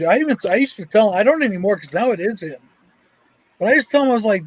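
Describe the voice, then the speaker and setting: A man's voice: sits high, lively intonation, quick pace, husky, no echo, rough recording. A man co-hosting a casual chat, speaking bluntly and swearing often. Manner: blunt, swears a lot, tells stories. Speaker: co-host.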